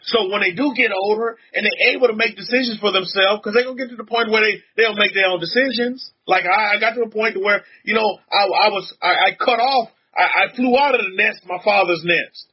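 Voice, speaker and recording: A rabbi giving a loose, conversational sermon, talking to his congregation in a voice pitched high for a man with a husky edge. He circles back and repeats himself and chuckles often. The recording sounds dull and lo-fi. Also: brisk, hardly any pauses. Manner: chatty and repetitive, often chuckling, addresses the congregation directly. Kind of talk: informal sermon.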